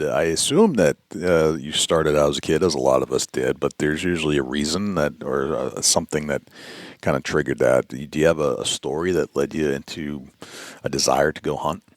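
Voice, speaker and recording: A man's voice: moderate pace, dry recording, clean studio sound. A man from New England hosting a casual interview, talking in a conversational way with stumbling restarts. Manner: conversational, stumbling restarts, lively pitch jumps. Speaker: podcast host.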